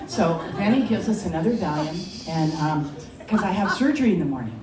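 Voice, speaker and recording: A woman's voice: on the low side, expressive, a little fast, a crowd in the background. A woman telling a personal story at a live story slam, conversational and often laughing. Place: bar lounge stage. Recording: echoey lounge, distant mic, background noise.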